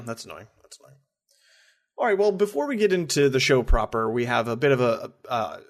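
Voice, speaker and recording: A man co-hosting a podcast, chatting casually and often repeating words as he talks. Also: medium pitch. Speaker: podcast co-host.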